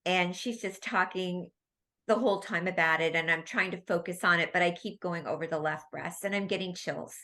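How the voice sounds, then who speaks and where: Bright-voiced woman telling stories. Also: fairly low pitch, normal speed. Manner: animated, rambling storytelling. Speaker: guest, medical intuitive medium. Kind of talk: casual storytelling interview.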